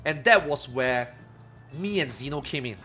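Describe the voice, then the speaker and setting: Animated swearing game streamer man, bright voice. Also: mid-range voice, moderate pace. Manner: animated, swears freely, acts out quoted friends in bursts. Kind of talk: casual storytelling to chat.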